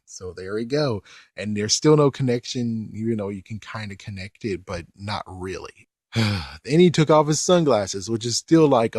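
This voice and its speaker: A man's voice: on the low side, animated, measured pace, darkish tone, no room sound, clean studio sound. A man giving a casual, rambling recap of a cartoon episode, exasperated and swearing mildly. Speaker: video commentator.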